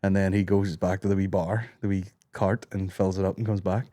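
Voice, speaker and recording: A man's voice: deep voice, flat delivery, a little fast, mellow, no room sound, studio quality. A man in his thirties hosting a comedy podcast, chatting casually, swearing and breaking into silly voices. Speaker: podcast host.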